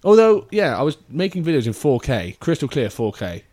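A man's voice: on the high side, very animated, a little fast, warm tone. Man telling a rambling story. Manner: rambling anecdotal storytelling with swearing and laughter. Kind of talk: casual chat.

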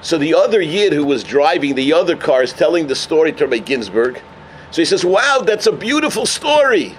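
A man delivering a sermon as a rabbi. He tells a story with Yiddish and Hebrew terms and builds to emphatic, near-shouted points. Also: sits high, animated, normal speed, slight background noise. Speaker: rabbi giving a Torah talk.

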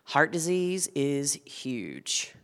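A woman's voice: low voice, sing-song, extremely slow, gravelly, fairly bright tone, smooth, long reverb tail. A woman who founded a food company, talking earnestly and with passion as a guest in a conversational interview.

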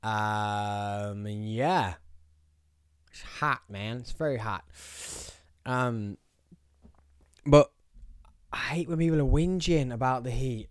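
A man's voice: mid-range voice, animated, measured pace, long pauses, clean tone, dry recording, clean studio sound. Chatty Birmingham man hosting a podcast. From England. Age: 30s. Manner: rambling, jokey, goes off on tangents. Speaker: podcast host. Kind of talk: casual solo podcast chat. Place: small studio.

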